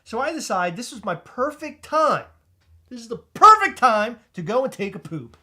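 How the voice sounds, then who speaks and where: A man co-hosting a podcast, telling a comedic story in an animated, excitable way, stumbling over restarts and shouting out retold lines. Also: very high voice, moderate pace. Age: adult with a child. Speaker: podcast co-host.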